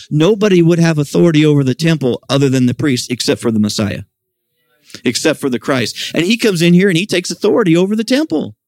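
A man's voice: fairly high pitch, very animated, quick pace, darkish tone, no echo. A middle-aged man preaching a sermon at a church service, talking animatedly and raising his voice for quoted questions. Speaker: pastor.

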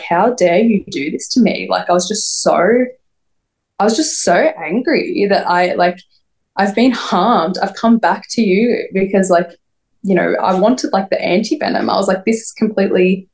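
Here a young woman with a lowish, slightly mellow voice shares a personal story in an interview as a podcast guest. She wanders, leans heavily on "like," and repeats other people's words.

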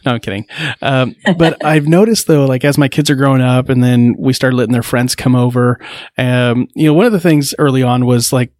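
A man's voice: medium pitch, brisk, a little mellow, no room sound, clean studio sound. A man in his forties hosting a podcast, telling stories in a chatty, joking way. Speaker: podcast host. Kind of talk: casual conversation, storytelling.

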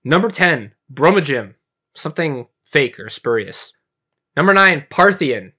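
A man's voice: on the high side, sing-song, unhurried, pushed and bright, slightly rough. A man co-hosting a casual podcast, reading out words and definitions with playful asides. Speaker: podcast co-host.

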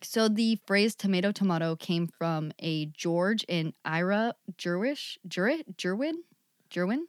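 A woman's voice: on the low side, animated, a little slow, no echo, studio quality. A woman co-hosting a podcast in casual, chatty conversation. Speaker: podcast co-host. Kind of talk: casual chat.

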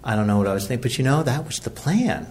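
A man's voice: mid-range voice, sing-song, fast talker, a little mellow. A middle-aged man from Virginia sharing his recovery story at a meeting, rambling and self-deprecating, with many fillers and restarts. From Virginia, USA.

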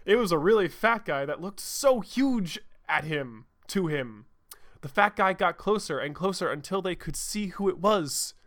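A man co-hosting a comedy podcast, reading a story aloud in an animated, theatrical way and bantering. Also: high voice, unhurried. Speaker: podcast co-host.

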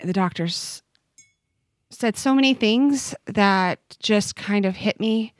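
A woman in her forties, guesting on a podcast, shares a personal testimony in conversation, earnest and heartfelt but often halting and restarting. Her medium-pitched voice moves slowly, captured with dry, clean studio sound.

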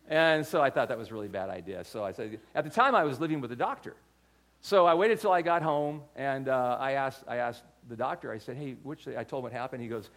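A man's voice: mid-range voice, lively intonation, brisk, fairly bright tone. An older man giving a sermon, telling stories in a conversational way with frequent restarts and repeated words. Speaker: pastor.

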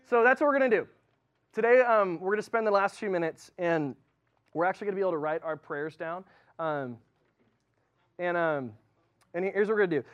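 A man preaching a sermon in a relaxed, chatty way, full of fillers and restarts. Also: high-pitched, highs cut off. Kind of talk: casual sermon.

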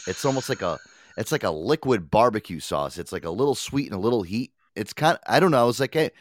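A man's voice: fairly low pitch, very animated, fast talker, a little hiss or hum. A man hosting a radio show in casual, profane, rambling chat, laughing often.

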